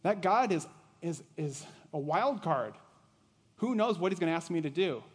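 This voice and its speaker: A man preaching a sermon in a conversational way, asking his listeners questions and dropping to a quiet intensity on key points. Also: a little high, expressive, normal speed, breathy edge. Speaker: pastor. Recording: long reverb of a large hall.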